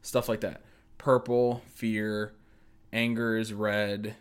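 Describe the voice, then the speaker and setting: A man's voice: lowish voice, little pitch movement, takes it slowly, clean tone. A man in casual conversation, explaining a film's ideas hesitantly and searching for words. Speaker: co-host discussing a film. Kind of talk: casual chat.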